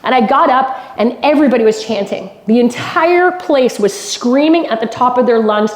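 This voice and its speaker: Mujer canadiense de voz aguda, dando un discurso emotivo en una sala con eco. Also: female voice, on the high side, expressive, moderate pace, reverberant. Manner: emphatic storytelling, repeats lines for effect. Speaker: keynote speaker. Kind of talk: motivational speech. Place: golf club event hall.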